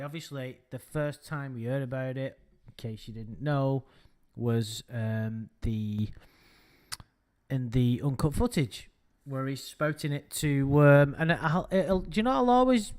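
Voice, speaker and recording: A man's voice: medium pitch, clean tone. A man co-hosting a casual podcast chat, rambling and amused, swearing now and then. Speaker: podcast co-host.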